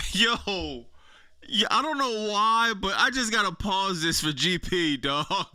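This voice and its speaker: A man's voice: sits high, lively intonation, slow pace, bright, forceful tone. A man streaming casual reaction commentary, slangy and laughing often as he talks to his chat. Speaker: streamer reacting to wrestling clips.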